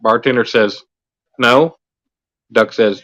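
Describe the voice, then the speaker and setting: Man, casual livestream chat, joking, mid-pitched voice. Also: moderate pace, a bit bright. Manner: joking, tells jokes with put-on voices.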